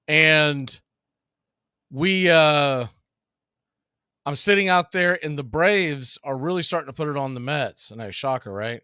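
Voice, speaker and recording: A middle-aged man doing casual baseball play-by-play, telling long stories between pitches and laughing as he goes. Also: measured pace, long pauses, pushed and bright, clean tone, no room sound, clean studio sound.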